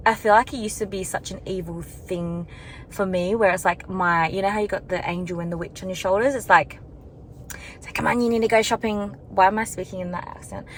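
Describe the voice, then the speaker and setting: A woman's voice: mid-range voice, slight background noise, rough recording. A young woman talking to her camera while walking outdoors, in a rambling, chatty, self-reflective way with lots of filler words. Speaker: vlogger. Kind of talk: casual vlog chat.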